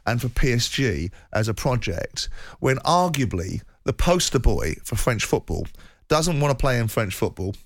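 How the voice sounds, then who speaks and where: A man with a mid-pitched voice laying out a long, pointed rhetorical question on a sports radio show. His voice sounds dry and close. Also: dry recording.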